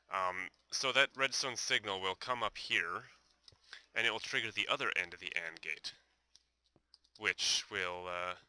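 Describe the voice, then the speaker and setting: A man's voice: low-pitched, bright, forceful tone. A young man giving casual gameplay commentary, thinking aloud and hesitating with many fillers.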